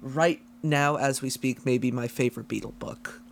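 A man's voice: mid-range voice, fairly even intonation, normal speed, creaky, a little hiss or hum. A man co-hosting a casual chat podcast, making dry joking asides. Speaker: podcast co-host.

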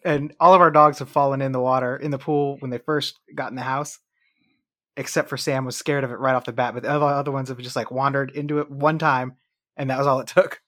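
A man's voice: medium pitch, fairly even intonation, fast, sharp tone. A man chatting casually about his dogs, asking the others questions. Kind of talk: casual chat.

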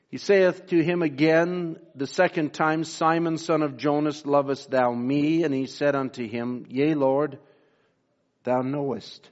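A man preaching a sermon, pausing often with fillers and reading scripture in old-style wording. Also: medium pitch, darkish tone, muffled recording. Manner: slow, halting delivery with many fillers, reads scripture in King James wording. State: briefly emotional. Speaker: pastor.

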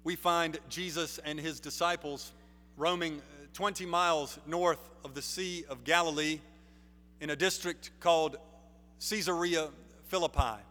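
Slow emphatic preacher in a reverberant hall. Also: male voice, a little high, fairly even intonation, sharp tone. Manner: measured, emphatic preaching with rising stresses. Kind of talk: sermon. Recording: long reverb of a large hall.

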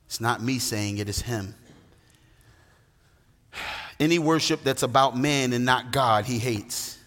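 A man's voice: medium pitch, a little slow, a bit bright. A man preaching a sermon as pastor, emphatic and half-singing his phrases, recorded in a large church hall. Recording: long hall reverb.

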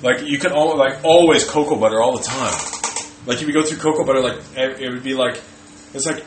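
A young man co-hosting a podcast, telling crude barracks stories in a loud, animated, profane way. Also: mid-range voice, fairly quick, background noise. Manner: animated, profane, loud when quoting others. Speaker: podcast co-host. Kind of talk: crude casual storytelling. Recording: echoey room with faint music.

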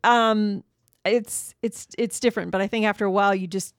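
A woman's voice: mid-range voice, fairly even intonation, moderate pace, dry recording, studio quality. A middle-aged woman co-hosting a podcast, chatty and casual, often hedging with "you know". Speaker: podcast co-host.

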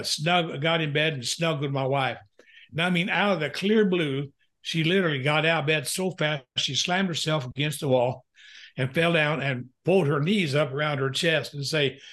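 Older male pastor-counselor guest, earnest and halting, slightly high voice. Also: fairly bright tone. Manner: earnest, halting with frequent uh fillers. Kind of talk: candid personal storytelling in a podcast interview.

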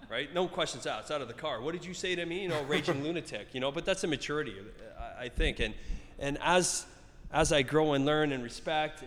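A middle-aged man from Canada, a gym owner chatting in an interview, rambling and swearing with lots of restarts. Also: mid-range voice. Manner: rambling, profane, animated storytelling with many restarts. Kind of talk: casual interview chat. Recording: echoey hall reverb.

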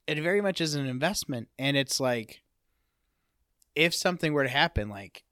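A man's voice: on the high side, animated, moderate pace, pushed and bright, clean tone, no echo, clean studio sound. A man hosting a podcast in casual chat, mostly giving short, laid-back replies. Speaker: podcast host.

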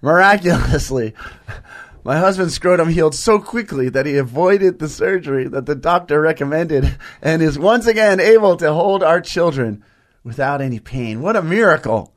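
A man's voice: fairly high pitch, lively intonation, normal speed. A man co-hosting a comedy show, telling a story with a joking manner and laughing along the way. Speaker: co-host.

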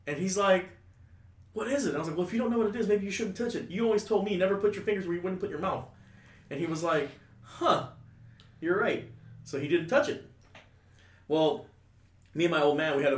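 A man's voice: a little high, far from the mic. A man telling a crude story in casual talk, rambling and full of asides. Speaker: storyteller guest. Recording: echoey room, a bit off-mic.

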